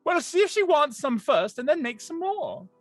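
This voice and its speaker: A man's voice: extremely high pitch, very animated, moderate pace, no echo, soft background music, pitched above the performer's own voice, full character voice. Man doing a bossy woman adventurer. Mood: commanding.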